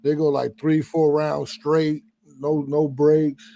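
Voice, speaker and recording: A man's voice: on the high side, takes it slowly, vocal fry. A man who coaches boxing, talking casually and walking through how fights get scored. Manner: animated, explains fight scoring with demonstrations. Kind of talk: casual livestream chat.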